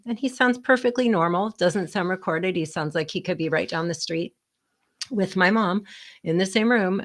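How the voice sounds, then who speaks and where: A middle-aged woman co-hosting a talk show, chatting casually and telling a personal story with lots of fillers and animated quoting. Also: lowish voice, vocal fry. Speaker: co-host, the host's daughter.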